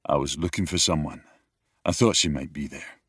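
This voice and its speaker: A brooding young wolf king with a very deep, husky voice for a fantasy romance audiobook. He talks in an easygoing, teasing way. The studio sound is close and completely dry. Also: moderate pace, dry recording, exaggerated voice. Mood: wistful. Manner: easygoing, teasing, turns quiet and wistful. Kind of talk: dual-narration audiobook acting. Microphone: close studio mic, dry.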